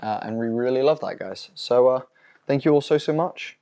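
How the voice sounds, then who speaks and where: A man's voice: medium pitch, lively intonation, normal speed, creaky, dark tone, highs cut off. A man co-hosting a fight watch-along stream, signing off with rambling, effusive thanks and plenty of fillers. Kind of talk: casual livestream sign-off chat.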